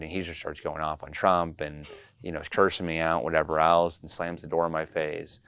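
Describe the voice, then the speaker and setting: Young man, twenties, deep gravelly voice, rambling interview guest. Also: little pitch movement, normal speed, fairly bright tone, no echo. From Iowa. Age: 20s. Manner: rambling, many fillers and restarts. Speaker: guest, state politician. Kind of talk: casual interview storytelling.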